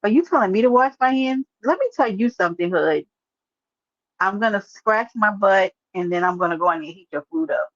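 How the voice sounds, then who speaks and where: A woman's voice: mid-range voice, lively intonation, a little fast, dry recording, lo-fi sound. A woman hosting a casual livestream, chatting and teasing as she answers viewers by name. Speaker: livestream host. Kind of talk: casual live-stream chat.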